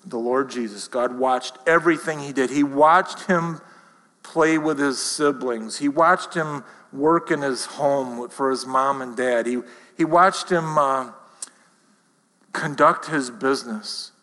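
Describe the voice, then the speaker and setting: A man's voice: mid-range voice, takes it slowly, sharp tone. A man preaching a sermon as pastor, conversational and self-deprecating, asking the congregation rhetorical questions. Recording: reverberant hall.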